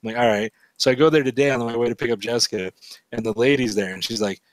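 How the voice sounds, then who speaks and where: A man's voice: mid-range voice, fast, no echo. Man, livestream art host, casual rambling banter, dry close sound. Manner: rambling storyteller, animated when retelling. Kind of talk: casual banter while drawing.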